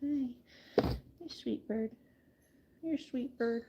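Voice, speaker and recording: A woman gently talking baby talk to her hen while bathing it, cooing and making little beeping noises. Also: fairly high pitch, slow, creaky, heavy background noise. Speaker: backyard farmer caring for a hen. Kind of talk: casual talk to an animal.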